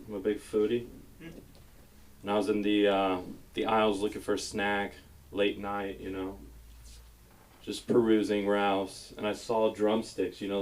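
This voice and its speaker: A man with a fairly low voice works through a stand-up set on a club stage. He rambles through self-mocking stories into a handheld mic. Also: rough recording. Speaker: stand-up comedian.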